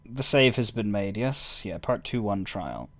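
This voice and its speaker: A man's voice: lowish voice, sing-song, measured pace, creaky, fairly bright tone. A man streaming a game, chatting casually in a rambling way, stammering and chuckling as he talks to his chat.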